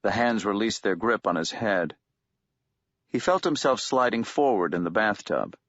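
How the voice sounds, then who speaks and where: A man reads a novel aloud in a measured, steady narration. His voice sits low, and the recording is dull and dry with a lo-fi edge. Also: no echo. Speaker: audiobook narrator. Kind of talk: scripted narration.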